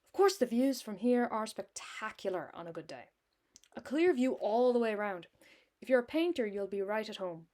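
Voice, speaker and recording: A woman's voice: fairly high pitch, expressive, normal speed, warm tone, close to an everyday voice. A woman voicing a talkative, motherly middle-aged landlady in a hammy Irish accent. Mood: chatty.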